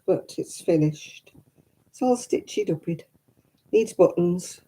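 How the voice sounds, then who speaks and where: A woman's voice: lowish voice, lively intonation, slow, dark tone, breathy edge, poor audio. A middle-aged woman, hosting a casual craft livestream, chatty and candid with frequent laughs. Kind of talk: casual live chat while knitting.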